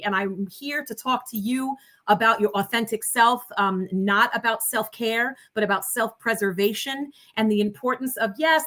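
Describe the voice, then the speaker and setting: A woman's voice: a little high, pushed and bright. A woman in her fifties with a New York accent, a guest on a video-call livestream, talking in an exuberant, jokey way. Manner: exuberant, jokey, talks in rhyming asides. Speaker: guest speaker. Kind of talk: animated livestream chat.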